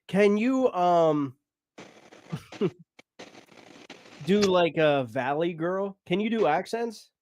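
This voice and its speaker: Male podcast host, a touch high-pitched, easy curious questioning. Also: a little hiss or hum. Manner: relaxed, curious questions, quick reactions. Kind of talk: casual chat.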